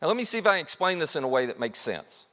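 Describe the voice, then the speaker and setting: A man with a fairly high, bright voice preaches in a conversational way. His pitch rises and falls a lot as he acts out quoted lines. The sound carries a long reverb from a church auditorium. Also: very animated, rapid-fire. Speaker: pastor. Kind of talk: sermon.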